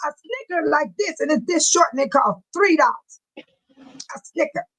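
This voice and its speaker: A woman's voice: high-pitched, expressive, fairly bright tone, rough recording. A middle-aged woman hosting a casual livestream, chatting animatedly with her viewers and reading comments and news aloud. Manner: reads news aloud haltingly.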